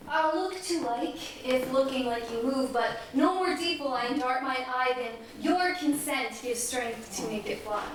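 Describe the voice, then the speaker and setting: A woman's voice: high voice, measured pace, hardly any pauses, background noise. A woman playing a dutiful young noble girl who speaks politely and with measure, in a stage play. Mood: demure. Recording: echoey stage miked from far off.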